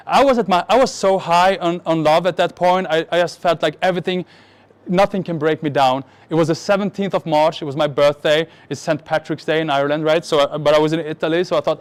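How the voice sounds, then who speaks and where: Guy from the middle east telling his life story on stage, kinda high voice, jokey, keeps restarting. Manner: animated, joking, self-mocking, many restarts. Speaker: speaker at a marketing event. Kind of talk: personal storytelling talk to a live audience.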